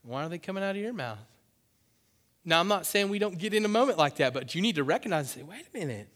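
A man preaching a sermon to his church, passionate and swinging into loud, emphatic bursts. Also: high-pitched, lively intonation, quick pace. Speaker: pastor. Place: church sanctuary. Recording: long hall reverb.

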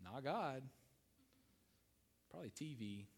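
A man's voice: mid-range voice, lively intonation, takes it slowly, in a large hall. A middle-aged man preaching a sermon, emphatic, repeating key phrases and asking his congregation questions. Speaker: pastor.

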